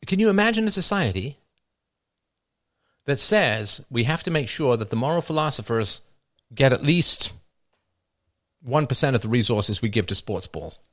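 A man's voice: mid-range voice, normal speed, pauses often. A man hosting a live stream, riffing through a casual comedic monologue and laughing at his own jokes. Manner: animated, joking, often laughing at own jokes.

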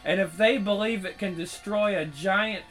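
High bright-voiced man ranting casually. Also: normal speed, faint music behind, low-quality recording. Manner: rambling, profane, frequent restarts. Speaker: channel host. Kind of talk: casual commentary.

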